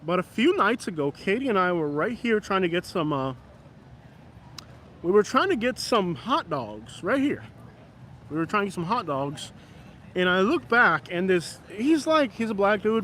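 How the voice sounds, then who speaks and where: A man's voice: sits high, a bit bright, slight background noise. A man, chatting casually and rambling to his viewers on a live stream from a downtown street at night, filmed on a camera stand.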